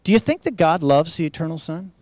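A man's voice: a little high, big pitch swings, quick pace, a little mellow, no room sound. A man giving a sermon as a pastor, earnest and conversational, often restarting and asking rhetorical questions. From United States.

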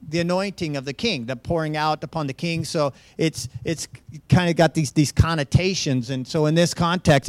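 High-voiced man teaching scripture. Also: no echo. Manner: informal, checks in with listeners ("right?", "okay?"); chuckles lightly, restarts phrases. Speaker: pastor teaching a Bible study. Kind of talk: conversational sermon with slides.

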